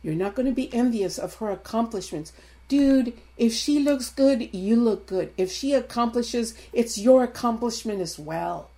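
A woman's voice: on the high side, unhurried, warm tone. Emphatic older woman preacher. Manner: emphatic, repetitive, addresses the congregation directly. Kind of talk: sermon.

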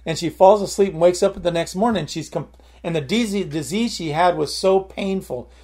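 A man's voice: high voice, moderate pace, a little mellow. Rambling man preaching informally. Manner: rambling, repeats words while storytelling.

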